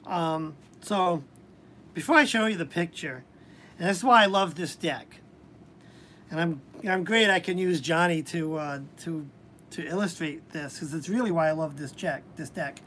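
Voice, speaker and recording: Chatty and hesitant, a woman gives a casual tarot reading on a live stream, frequently restarting her sentences. Her voice sits low and is a bit bright, at a normal speed, with faint background noise behind her.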